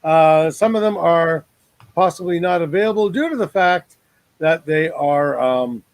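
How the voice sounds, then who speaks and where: A man's voice: on the high side, expressive, measured pace, dry recording, poor audio. A man hosting a casual online talk show over a video call, joking and rambling with lots of fillers.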